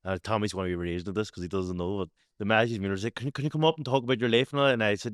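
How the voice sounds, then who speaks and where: A man's voice: on the low side, rapid-fire, hardly any pauses, dry recording, clean studio sound. A man with a West Belfast accent chatting casually on a podcast, swearing freely and telling stories with a slight slur. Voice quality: slurred speech. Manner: swears a lot, storytelling. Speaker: podcast host. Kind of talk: casual chat.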